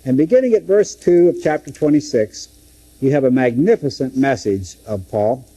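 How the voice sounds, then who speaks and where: Husky dark-voiced male Bible teacher. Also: medium pitch, animated, normal speed, rough recording. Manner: dramatic, acts out scripture quotes.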